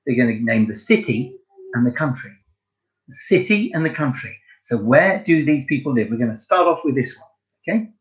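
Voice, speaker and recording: A man's voice: medium pitch, normal speed, dull audio. A man giving a home-learning lesson to young children, talking straight to his pupils and praising them a lot. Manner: lively, encouraging, speaks directly to pupils. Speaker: primary school French teacher.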